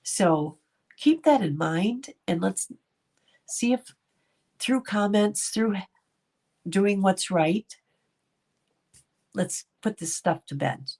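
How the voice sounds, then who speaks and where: A middle-aged woman hosts a casual commentary livestream, reading the chat, greeting viewers by name, and laughing often. Her medium-pitched voice is expressive and a little mellow. She speaks slowly, leaving long pauses.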